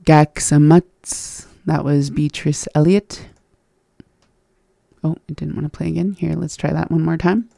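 A language lesson host who teaches phrases slowly, says each one in parts and gives its meaning. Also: mid-range voice, steady tone, creaky, dark tone, breathy edge, no echo, clean studio sound. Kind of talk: teaching phrases by slow repetition.

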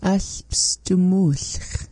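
Woman slowly repeating phrases. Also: fairly low pitch, dark tone, in a whisper. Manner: repeats phrases after the teacher. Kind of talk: language lesson.

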